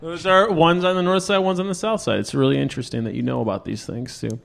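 A man hosting a live comedy interview on stage, his voice sitting a touch high. He plays the straight man and keeps breaking into chuckles. His questions come in an easy, game-show tone. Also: fairly even intonation, quick pace, vocal fry. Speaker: host interviewing the guest.

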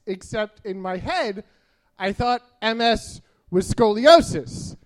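A man's voice: sits high, lively intonation, takes it slowly. A man in his early thirties telling a rambling, self-deprecating stand-up story, full of filler uhs. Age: 30s. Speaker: stand-up comedian.

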